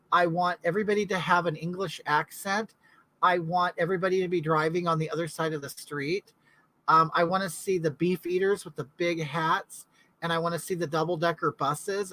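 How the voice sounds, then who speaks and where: A woman's voice: on the low side, pushed and bright, poor audio. A middle-aged woman from California, hosting a casual live chat in a rambling way and answering viewers' comments. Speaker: livestream host.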